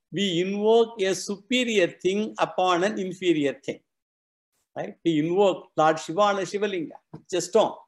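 A man gives a scripture class. He explains patiently and says key phrases again and again so the students follow. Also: high-pitched. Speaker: teacher of scripture.

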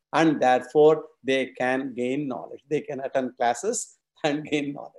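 A man's voice: on the high side, darkish tone. A man with an Indian English accent giving a scriptural lecture, asking the class questions and answering them himself. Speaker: Vedanta teacher.

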